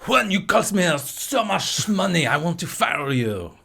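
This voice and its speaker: A man's voice: sits high, very animated, measured pace, creaky, bright, forceful tone, husky, pitched above the performer's own voice, heavily acted. A man voicing an angry French boss in an untrained, stereotypical French accent. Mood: scolding. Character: exaggerated French male boss, angry employer.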